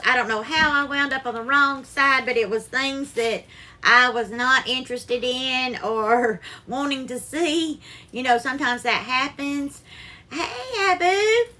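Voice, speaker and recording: A woman chats her way through a live cooking stream, her voice high and bright with a sharp edge. She greets viewers one by one by name and calls them darling while she cooks. It sounds picked up by a phone in a home kitchen.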